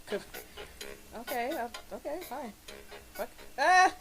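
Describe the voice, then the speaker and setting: A woman's voice: sits high, lively intonation, slow. A young woman commenting live on a video game as she plays, swearing often and breaking into fits of laughter and shrieks. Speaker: let's play gamer. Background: game music.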